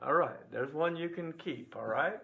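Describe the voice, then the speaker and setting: A man's voice: on the high side, moderate pace, creaky, bright, forceful tone. A man teaching a music lesson on video, playful and quizzing, chanting rhythm syllables as he counts beats.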